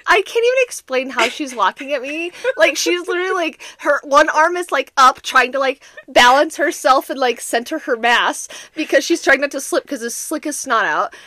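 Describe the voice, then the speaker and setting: A young woman co-hosting a podcast, telling a story in a playful way and imitating her partner with high squeals. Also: animated, moderate pace, few pauses, pushed and bright, no echo. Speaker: podcast co-host. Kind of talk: casual storytelling chat.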